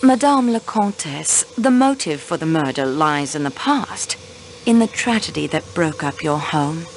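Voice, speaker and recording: An actress playing a young railway clerk turned investigator in a mystery video game, polite but insistent in questioning. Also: female voice, low-pitched, animated, unhurried, a little hiss or hum, low-quality recording. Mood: poised, probing. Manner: poised, probing, politely insistent.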